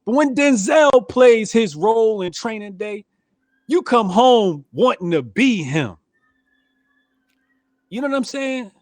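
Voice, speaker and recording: A man co-hosting a podcast in casual chat, animated and quick to laugh loudly. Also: sits high, no echo. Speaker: podcast co-host.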